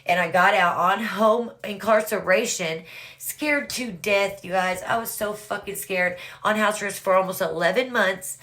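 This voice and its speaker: A woman's voice: medium pitch, moderate pace, fairly bright tone. Profane, rambling woman telling a story. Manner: profane, rambling, addresses viewers as "you guys". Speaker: vlogger telling her own story. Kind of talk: casual storytelling to viewers.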